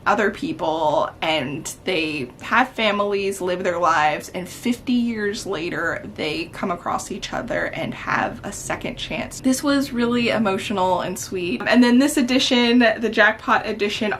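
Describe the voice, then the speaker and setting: A woman chatting casually in a reading vlog, laughing often and swinging between calm book recaps and giddy, excited outbursts. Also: mid-range voice, a little hiss or hum. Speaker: book vlogger.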